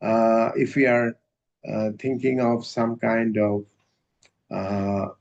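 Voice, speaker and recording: A man giving a university lecture in a measured, hesitant way, with many filler sounds. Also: mid-range voice, steady tone, a little mellow. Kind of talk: academic lecture. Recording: dull lo-fi recording.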